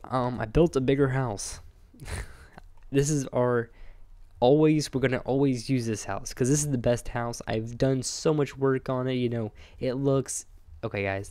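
A young man hosting his own gaming channel, chatting casually over his gameplay into a desk microphone, rambling and excitable and greeting his in-game animals. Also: mid-range voice, clear, resonant tone, dry recording. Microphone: close desk microphone.

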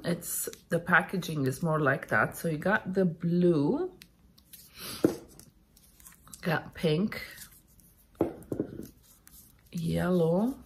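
Slow, gushing Canadian woman crafter. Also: lowish voice, slight background noise. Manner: gushing, slow and chatty, frequent thank-yous. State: unwell, throat clearing. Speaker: crafting vlogger opening happy mail. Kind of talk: casual unboxing chat.

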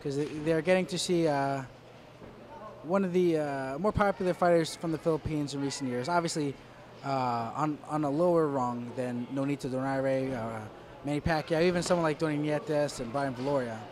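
A man's voice: on the high side, normal speed, darkish tone, a little hiss or hum. A man giving live boxing commentary in a dry, wry way, with many fillers and restarts.

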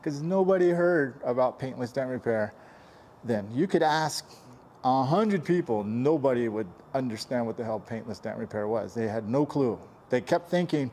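A man's voice: mid-range voice, expressive, moderate pace, a little mellow, slight background noise. Joking man talking while fixing a dent. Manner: joking, chatty, grumbles under his breath. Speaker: paintless dent repair technician. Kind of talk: casual running commentary while working.

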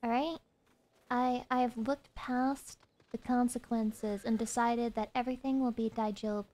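A young woman streaming a video game, chatting casually with playful sarcasm and sometimes dropping to a hushed whisper. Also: fairly high pitch, steady tone, a little slow. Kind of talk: casual gameplay commentary.

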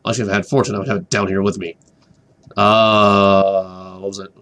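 A man's voice: low voice, brisk, a little hiss or hum. Rambling man narrating a game. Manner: rambling, repeats words, gets distracted and whispers excitedly. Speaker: gaming commentator. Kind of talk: rambling let's-play commentary.

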